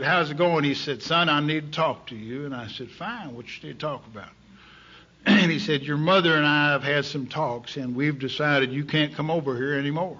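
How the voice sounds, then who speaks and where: A middle-aged man from Texas telling his recovery story at a meeting, folksy and candid, his voice sinking low in the hard parts. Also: sharp tone. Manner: folksy, candid, drops to near silence in heavy moments. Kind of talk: storytelling talk. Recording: dull lo-fi tape recording.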